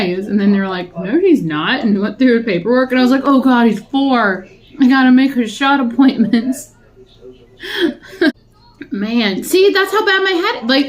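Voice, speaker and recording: Chatty woman vlogging while eating. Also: on the high side. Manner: rambling, chatty, laughs often. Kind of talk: casual talking while eating.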